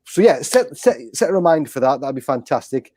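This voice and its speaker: A man's voice: on the high side, very animated, a little fast, mellow, no room sound, clean studio sound. A man hosting a fan live stream, chatty and joking, often restarting his sentences. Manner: chatty, jokey, stumbling restarts. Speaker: host. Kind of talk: casual live-stream chat.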